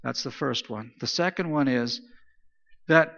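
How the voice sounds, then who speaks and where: A man's voice: medium pitch, unhurried, gravelly, a bit bright, long reverb tail, highs cut off. A man preaching a sermon in an emphatic style, repeating phrases for stress. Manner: emphatic, repetitive preaching cadence. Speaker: pastor.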